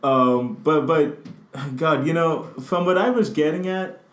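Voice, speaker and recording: A man's voice: on the high side, unhurried, a bit bright. A man co-hosting a casual news chat, joking and laughing often, recorded indoors in a room that is not well suited to recording. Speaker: news show co-host. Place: indoors, not ideal spot. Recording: echoey room.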